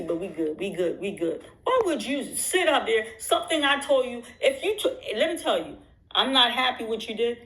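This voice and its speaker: A woman's voice: medium pitch, a bit bright, roomy sound, poor audio. A woman talking straight to her viewers in casual commentary, emphatic and repetitive, with frequent restarts. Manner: emphatic, repeats phrases, many restarts. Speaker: YouTube commentator. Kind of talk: casual talk to the camera.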